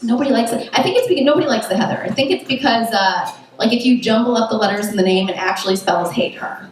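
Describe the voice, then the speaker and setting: A woman's voice: a little high, animated, fast talker. A young woman performing a stand-up comedy set, chatty and self-mocking, full of "like" and "you know what I mean". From United States. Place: comedy club stage at a festival. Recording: very echoey distant room recording with noise. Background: audience laughter.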